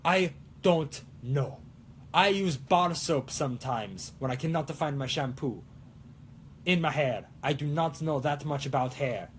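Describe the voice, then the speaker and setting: Young man, high voice, goofy rambling host, fake Italian accent, casual livestream chat. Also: unhurried, a little hiss or hum. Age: young adult. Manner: hammy put-on Italian accent; goofy, rambling, self-mocking. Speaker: cosplay show host.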